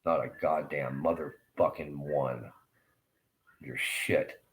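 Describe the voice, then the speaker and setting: Very deep-voiced man in an angry profane rant. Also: fairly even intonation, takes it slowly. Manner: profane, agitated, rambling. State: in pain. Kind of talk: angry ranting monologue.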